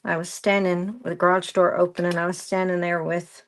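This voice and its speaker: A woman's voice: fairly low pitch, little pitch movement, fairly quick. A woman presenting a craft live stream, rambling through a story and greeting viewers by name as she works. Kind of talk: casual chat while crafting.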